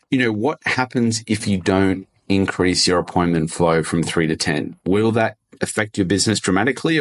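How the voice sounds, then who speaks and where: Male solo talker, slightly low voice, relaxed conversational sales coaching. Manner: loose and conversational, restarts and acts out sample dialogue. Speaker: agency owner coaching on sales. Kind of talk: casual solo talk to camera.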